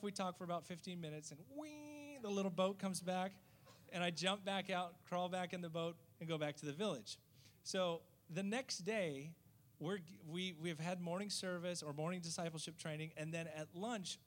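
A man, a missionary, telling a story in a lively way and acting out the voices of the people in it. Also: on the high side. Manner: lively, acts out quoted voices. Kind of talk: storytelling testimony.

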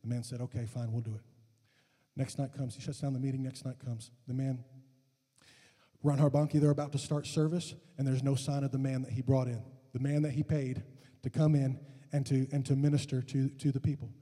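Husky impassioned preacher man. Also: medium pitch, flat delivery, a little fast, long reverb tail. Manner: impassioned, rising to shouted fervor. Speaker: pastor. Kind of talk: sermon and prayer for healing. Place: church sanctuary.

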